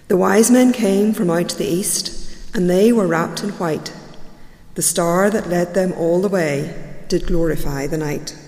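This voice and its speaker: A woman with a gravelly, creaky voice reading a poem in a gentle, steady way. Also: lowish voice. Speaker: poetry reader. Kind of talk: poetry reading. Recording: echoey room with long reverb.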